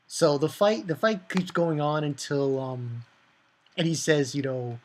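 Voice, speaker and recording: A man giving a casual manga chapter review, excitable and profane, rambling with many fillers. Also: fairly high pitch, unhurried.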